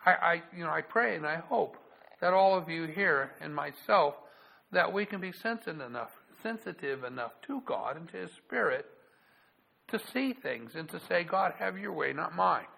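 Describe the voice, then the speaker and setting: Man preaching, gravelly, slightly high voice, halting, repeats words. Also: animated, pushed and bright, poor audio. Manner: halting, repeats words, reads scripture aloud in a raised voice. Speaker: pastor. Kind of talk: sermon with scripture reading.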